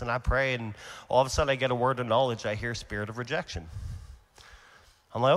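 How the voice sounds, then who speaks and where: A man preaching a sermon at a conference, telling stories with a voice that swings from quiet to shouting. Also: mid-range voice, a little fast, big-room sound.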